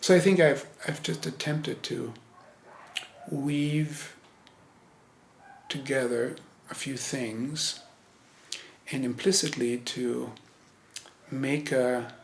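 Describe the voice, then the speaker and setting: A male Zen teacher giving a meditation talk, searching for words with frequent restarts and pauses. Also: medium pitch, reverberant, a little hiss or hum. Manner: hesitant, searching, many restarts. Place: meditation hall.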